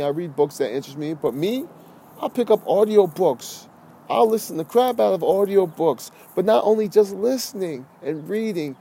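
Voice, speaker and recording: A man who is a health and fitness coach, giving a blunt, slangy motivational podcast talk. He repeats key phrases and swings between loud bursts and calm, low talk. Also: husky.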